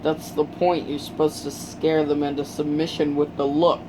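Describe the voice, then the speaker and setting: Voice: mid-range voice, level tone, moderate pace, noisy background, natural voice. A storyteller voicing a modest, earnest teenage boy hero in a fan retelling, close to their own voice.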